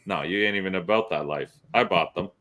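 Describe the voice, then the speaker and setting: A man's voice: low voice, fairly quick. A male podcast host, telling profane stories in casual chat. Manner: profane, animated storyteller.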